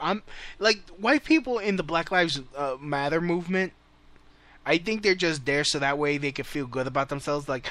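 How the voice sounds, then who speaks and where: Heated, bright-voiced male show host. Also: a little high, moderate pace. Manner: heated, blunt, swears a lot. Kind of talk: casual profane rant.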